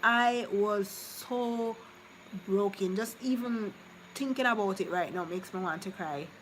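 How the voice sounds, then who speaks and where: A woman's voice: mid-range voice, unhurried, noisy background. Heartfelt woman chatting to viewers. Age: 30s. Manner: rambling and heartfelt, repeating herself, talking to viewers. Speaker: vlogger reading live chat. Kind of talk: casual live-stream chat.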